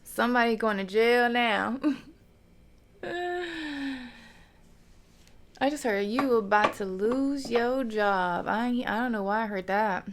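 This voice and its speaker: A woman's voice: fairly high pitch, normal speed, hardly any pauses, a little hiss or hum. A woman giving a casual tarot reading to her viewers. She is chatty, laughs often, gets emotional and calls her viewers y'all. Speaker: tarot reader.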